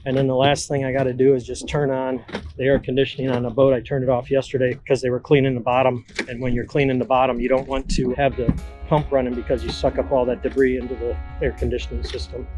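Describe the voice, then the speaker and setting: A man's voice: mid-range voice, little pitch movement, fast, a little mellow, soft background music, poor audio. A middle-aged man, a boat mechanic, chatting casually to the camera and explaining his repair work step by step. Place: on and around boats at a marina.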